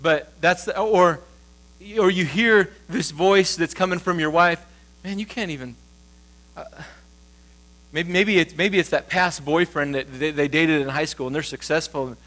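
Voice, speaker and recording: Male pastor, high-pitched, casual storytelling sermon, light electrical hum behind. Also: steady tone, unhurried, a bit bright. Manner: conversational storytelling, acting out quoted voices. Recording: low mains hum.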